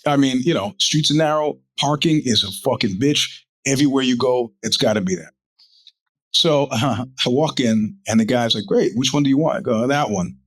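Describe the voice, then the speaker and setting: A man's voice: mid-range voice, moderate pace, fairly bright tone, no room sound, poor audio. Guy hosting his show, swearing and laughing through a long rant, mid voice, dead dry sound. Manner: wry, profane, laughs through anecdotes. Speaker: podcast host. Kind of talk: casual profane storytelling.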